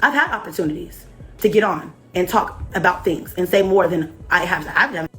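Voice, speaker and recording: A woman's voice: on the low side, lively intonation, normal speed, a bit bright, soft background music. A woman on a livestream, delivering a confrontational, profane rant at a former friend.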